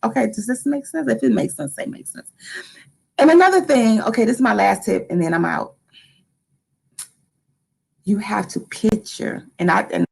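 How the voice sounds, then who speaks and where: A middle-aged woman hosting a live motivational talk, lively and animated, acting out excited quotes. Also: medium pitch, gravelly, slightly rough, low-quality recording. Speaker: motivational live-stream host.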